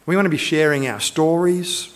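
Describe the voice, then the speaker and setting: A man's voice: on the high side, moderate pace. Earnest, emphatic man preaching a sermon. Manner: earnest, emphatic, repeats short exhortations. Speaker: pastor.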